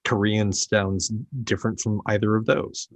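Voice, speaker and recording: A blunt man with a lowish voice states his opinions flatly in a casual podcast chat. The sound is close and dry. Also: moderate pace, no room sound. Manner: blunt, emphatic, matter-of-fact.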